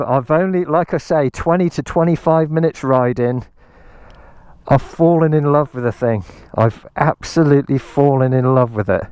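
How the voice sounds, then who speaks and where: A man's voice: fairly high pitch, darkish tone, clear, resonant tone, no room sound. A man giving a casual, enthusiastic motorbike review outdoors on a hilltop, rambling with many ums. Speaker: motorcycle vlogger.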